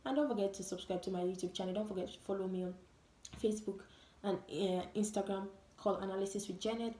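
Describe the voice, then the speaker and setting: A woman's voice: mid-range voice, steady tone, fast, mellow. A woman vlogger giving an emphatic, repetitive monologue full of rhetorical questions. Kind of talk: opinion vlog monologue. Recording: roomy echo.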